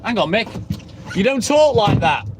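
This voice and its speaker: A man's voice: high voice, big pitch swings, moderate pace, background noise. A man hosting a live stream and chatting with viewers in sweary, joking banter, recorded on a phone inside a vehicle. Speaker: livestream host. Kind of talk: casual live-stream chat.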